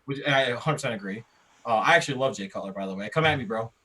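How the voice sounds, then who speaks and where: In a laid-back sports argument on a podcast, this American co-host gets animated and combative, frequently restarting his thoughts. He talks rapid-fire in a mid-range voice that has a breathy edge.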